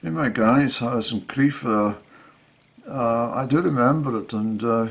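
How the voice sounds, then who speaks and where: An older man, casually reminiscing in a halting way with many restarts. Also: medium pitch, vocal fry, slightly rough. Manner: halting, full of restarts and fillers. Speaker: storyteller.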